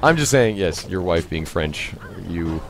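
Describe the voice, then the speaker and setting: Lowish male streamer, lively swings in pitch, talkative, laughs a lot, reacts out loud to the game. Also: measured pace, noisy background. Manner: chatty, laughs often, exclaims at the game. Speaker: streamer and host. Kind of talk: casual gameplay commentary.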